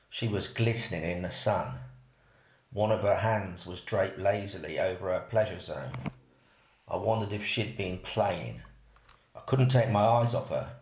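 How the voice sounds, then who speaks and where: Man, low gravelly voice, unhurried first-person story read-aloud, roomy echoey recording. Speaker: narrator. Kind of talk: reading an erotic story aloud. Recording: roomy echo.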